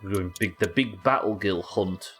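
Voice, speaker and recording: A young British man streams a game live, his voice sitting a little low as he chats with viewers and narrates each step. He swears freely and keeps a loose, friendly flow, with faint music playing behind him. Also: moderate pace, fairly bright tone. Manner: chatty, sweary, talks to chat while working. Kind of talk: live gameplay commentary.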